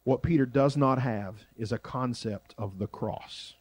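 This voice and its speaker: A man preaching a sermon as pastor, shifting between loud emphasis and quiet, drawn-out phrases. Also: mid-range voice, noisy background.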